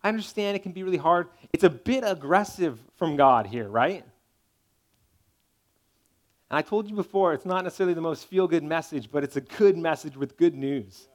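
A man's voice: a little high, lively intonation, normal speed. A man preaching a sermon as pastor, talking in a conversational but emphatic way and checking in with his listeners as he goes.

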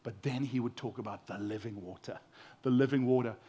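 A man with a South African accent preaching a sermon, earnest and expressive, with emphasis that rises and falls. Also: medium pitch, fairly quick, slightly rough.

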